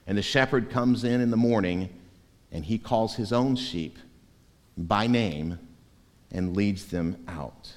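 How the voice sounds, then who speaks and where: A pastor preaching a sermon, animated and shifting between soft and loud delivery. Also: male voice, on the low side, slow pace, long pauses. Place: church sanctuary. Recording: reverberant church hall.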